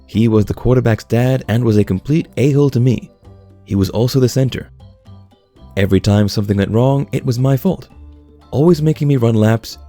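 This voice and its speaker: A man narrating online stories in a steady, scripted storytelling read. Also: medium pitch.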